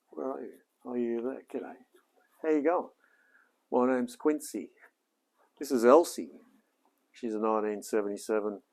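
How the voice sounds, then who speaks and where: An Australian man in his forties talks to himself in a slow, unhurried drawl while tinkering in his garage. His voice sits low and mellow, with a husky grain to it, and he keeps up a running mutter of easygoing self-talk. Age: 40s. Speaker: home mechanic vlogger.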